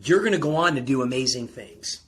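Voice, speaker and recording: A man's voice: mid-range voice, animated, brisk. A man who is a performance coach, telling a personal story with intense, rising emotion as a podcast guest. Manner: intense, rising to near-shouting peaks, calls listener bro.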